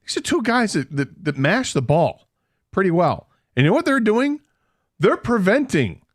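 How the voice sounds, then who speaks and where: A man's voice: fairly high pitch, no room sound, clean studio sound. A man co-hosting a sports radio show, laying out his case with emphatic, repeated points. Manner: emphatic, builds points with repetition. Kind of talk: sports talk radio banter. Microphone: studio broadcast mic.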